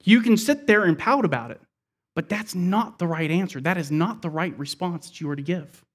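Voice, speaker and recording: Male pastor, higher-pitched voice, verse-by-verse sermon, soft drops at key lines. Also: normal speed. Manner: expository, explains scripture verse by verse.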